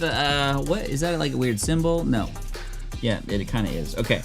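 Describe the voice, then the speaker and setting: A man's voice: mid-range voice, expressive, normal speed, faint music behind. Chatty man live-streaming. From United States. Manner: upbeat, chatty, reads chat aloud. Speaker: streamer opening card packs. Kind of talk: casual live-stream chat.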